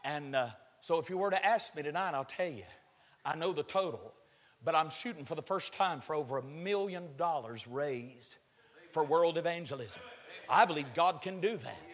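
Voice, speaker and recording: A male preacher delivering a sermon, swinging from low murmurs to shouted, drawn-out climaxes. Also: expressive. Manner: stretches words for emphasis. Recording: long hall reverb.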